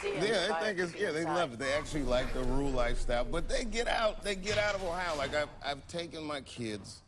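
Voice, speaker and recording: A man telling jokes in stand-up and talk show banter, animated, with sudden jumps up in pitch. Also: brisk, crowd noise. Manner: joking, animated delivery with sudden high jumps. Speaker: comedian. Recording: loud background noise.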